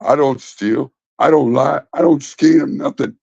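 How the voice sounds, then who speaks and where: A man's voice: medium pitch, a little slow, gravelly, darkish tone, husky, no echo. A man hosting a casual livestream, rambling and swearing as he talks back to his chat. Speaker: livestream host. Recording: dull, lo-fi dry sound.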